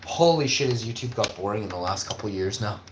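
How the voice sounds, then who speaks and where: A man on a casual livestream, cooking in his kitchen and swearing constantly as he rants, with sudden loud outbursts. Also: fairly low pitch, lively intonation, fast talker. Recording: roomy with faint background hum.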